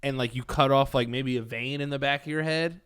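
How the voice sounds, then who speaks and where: A man's voice: mid-range voice, steady tone, a little fast, a bit bright, smooth. A young man, co-hosting a podcast and telling stories in swear-heavy slang. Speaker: podcast co-host. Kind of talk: casual chat.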